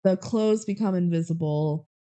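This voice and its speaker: Animated young woman recapping a movie. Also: on the low side, moderate pace. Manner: animated, acts out characters' lines in quotes. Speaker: podcast co-host. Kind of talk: casual movie recap chat.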